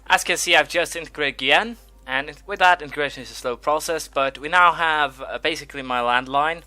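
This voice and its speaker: Bright-voiced man, hesitant strategy-game commentary. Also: on the high side, fairly quick, dry recording. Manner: rambling, hesitant, many fillers and restarts. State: has the hiccups. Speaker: let's-play host. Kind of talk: gameplay commentary.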